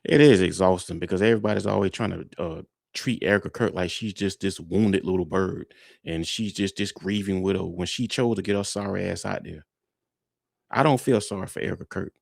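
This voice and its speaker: A man's voice: low voice, a little fast, gravelly, dry recording, clean studio sound. A man hosting a reaction video, talking bluntly and indignantly with some swearing. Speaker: reaction host. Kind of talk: reaction commentary.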